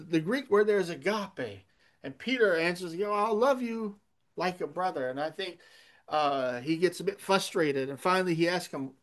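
Man, pastor, high voice, earnest sermon, emphatic, rhetorical questions.

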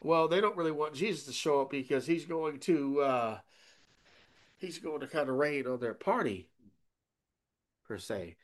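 With a fairly high pitch and an unhurried delivery full of pauses, a pastor preaches a sermon emphatically. He keeps checking in with "okay?" and swings from loud emphasis to quiet asides.

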